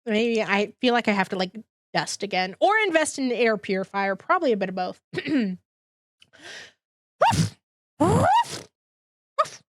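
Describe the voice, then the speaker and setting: A woman's voice: medium pitch, animated, brisk, no room sound. A congested woman chatting casually with her live-stream audience, bubbly and rambling, laughing often.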